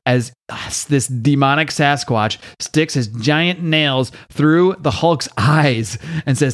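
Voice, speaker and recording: A man hosting a podcast, recapping a comic book in a casual, animated way and slowing down for dramatic quotes. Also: mid-range voice. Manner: animated, reads out quotes with slow dramatic emphasis. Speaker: podcast host.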